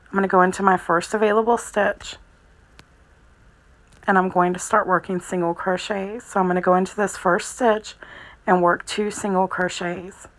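A woman giving a calm, methodical crochet tutorial, narrating each step as she works. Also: mid-range voice, normal speed, rough recording. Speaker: crochet instructor.

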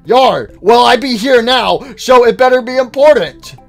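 A man voicing a loud, grumpy pirate fox animatronic who growls "yar" and talks like a pirate. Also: extremely high pitch, expressive, unhurried, creaky, soft background music, voice pushed up, heavily acted. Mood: gruff.

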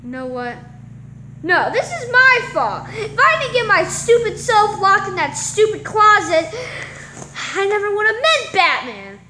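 A woman's voice: very high-pitched, big pitch swings, unhurried, pushed and bright, roomy sound, a little hiss or hum, pitched above the performer's own voice, exaggerated voice. A woman voicing a lazy, fretful young man who rambles and blames himself in a homemade mini movie. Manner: whiny, self-blaming, rambling.

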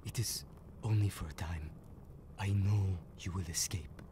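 An actor voicing a dying husband in a video game, speaking calm, slow and tender. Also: male voice, sits low, background noise.

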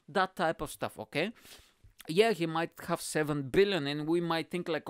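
A man from Bulgaria with a Bulgarian accent, hosting a podcast and telling a story as a comic monologue with animated, exaggerated asides. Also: fairly high pitch, moderate pace, clear, resonant tone, dry recording, studio quality. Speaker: podcast host. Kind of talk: comedic monologue.

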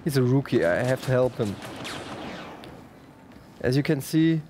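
Slow, joking man over game noise. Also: medium pitch, lively intonation. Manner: joking, self-mocking, slow and drawn out. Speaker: let's play host. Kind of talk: casual gameplay commentary.

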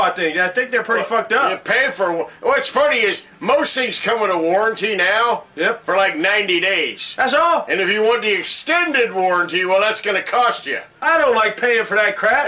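A man's voice: sits high, lively intonation, moderate pace, pushed and bright. A man doing two bantering old newsmen. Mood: joking. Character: two old male news correspondents bantering. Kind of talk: comedy sketch chat.

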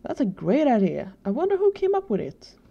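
A woman reading aloud, voicing a whiny teenage boy tech geek in a high squeaky voice. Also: expressive, normal speed, dark tone, dull audio. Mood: eager.

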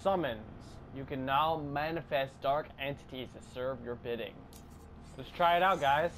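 A young man giving casual, profane gameplay commentary who often shouts excitedly. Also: mid-range voice, normal speed, slight background noise.

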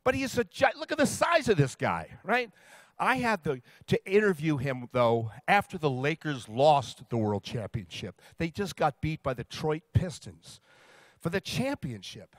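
A man who interviews athletes, giving a comedic speech to a live audience. He tells his stories in a lively way and builds each one up to a punchline. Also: fairly high pitch, normal speed, dry recording. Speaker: sports interviewer telling stories.

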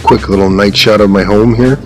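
Guy with a lowish voice doing a chill vlog update, lots of uh and um, music going under it. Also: fairly quick, low-quality recording. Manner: relaxed and chatty, with fillers. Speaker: vlogger. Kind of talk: casual vlog narration. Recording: music playing behind the voice.

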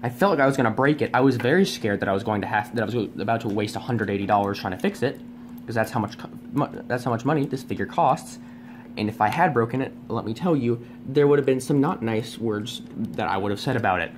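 A man's voice: on the low side, slight background noise. A man reviewing a toy at home on camera, rambling and self-deprecating, with many fillers and restarts. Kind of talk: casual unscripted review. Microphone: camera on a tripod.

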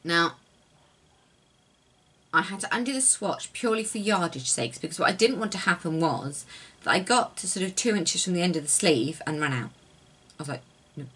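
A young woman chats casually to the camera about her knitting, her voice soft and a little breathy. She rambles easily and often trails down to near-whispers. Her pitch sits slightly low. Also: expressive, normal speed. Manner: rambling, softly spoken, drops to near-whispers. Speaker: knitting designer and yarn dyer. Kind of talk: casual chatty craft vlog.

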